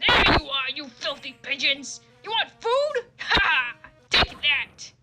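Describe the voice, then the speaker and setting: A woman's voice: high voice, sing-song, takes it slowly, music in the background, full character voice. A woman voicing a grumpy old man with a scornful, barking way of talking. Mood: gloating.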